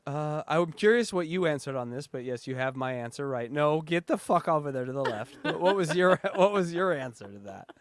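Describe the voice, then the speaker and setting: A man co-hosting a podcast in crude casual banter, loud and laughing as he rants. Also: a little high, a little fast, few pauses. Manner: loud, laughing, animated ranting. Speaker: podcast co-host.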